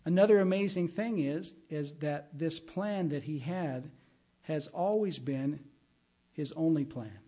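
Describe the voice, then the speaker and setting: A middle-aged man, a pastor, preaches conversationally and draws on personal anecdotes. His voice is a little high and dark-toned, and his pace is measured.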